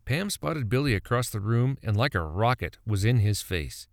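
Man telling a folksy tale, gravelly. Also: lowish voice, moderate pace, few pauses, no room sound, studio quality. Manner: folksy, animated. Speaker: narrator. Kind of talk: storytelling narration.

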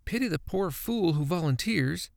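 A man voicing a sharp-tongued wife who scolds her drunk husband, pitched up and bossy. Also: animated, moderate pace, gravelly, dry recording, clean studio sound. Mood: scornful. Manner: chiding, bossy.

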